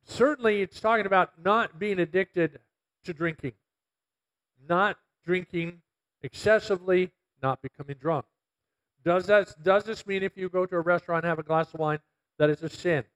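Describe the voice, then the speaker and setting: A man's voice: sits high, normal speed, fairly bright tone, low-quality recording. A middle-aged man, a pastor, preaching a conversational sermon full of stories and quoted asides.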